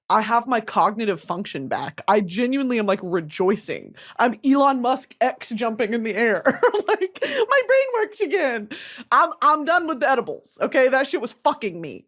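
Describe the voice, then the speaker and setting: Woman, casual chat host, swings her pitch widely, slightly high voice, swears and laughs a lot. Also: normal speed. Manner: animated, profane, laughs often. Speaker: podcast host.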